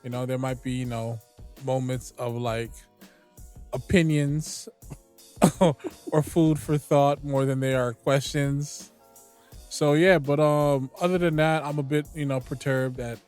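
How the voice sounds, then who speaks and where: A man co-hosting a podcast in casual chat, talking in a measured, rambling way. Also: mid-range voice, steady tone, a little mellow, faint music behind. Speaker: podcast co-host.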